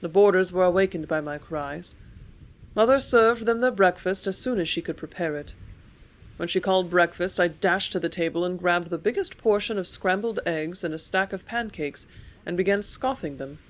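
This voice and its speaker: A woman narrating an old first-person memoir as an audiobook, in a storytelling manner that grows lively in the dialogue. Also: lowish voice, normal speed.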